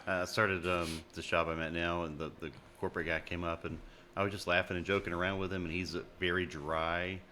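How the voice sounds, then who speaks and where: A man's voice: sits low, flat delivery, fairly quick, bright, forceful tone, a little hiss or hum. A man telling playful stories about his job, laughing through them and acting out the other people. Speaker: restaurant worker. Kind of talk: casual chat.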